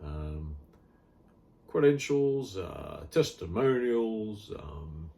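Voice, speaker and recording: A middle-aged Australian man, a health vlogger, delivers a rambling, blunt and wry casual monologue packed with fillers. His voice sits low, creaky and warm, with big pitch swings, and he speaks very slowly.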